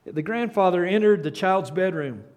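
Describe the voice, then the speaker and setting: An older man preaching a sermon as pastor, earnest, often restarting and repeating words, dropping to a soft, hushed tone at key points. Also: high-pitched, animated, moderate pace. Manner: reads a story aloud and drops to a soft, hushed tone at key points.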